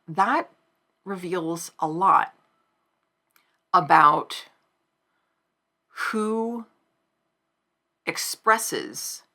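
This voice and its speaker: A woman thinks aloud in a reflective commentary to camera, measured and careful, pausing to find her words. Her low voice carries a gravelly fry and a bright, forward edge. She speaks slowly and without hurry. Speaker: video essayist.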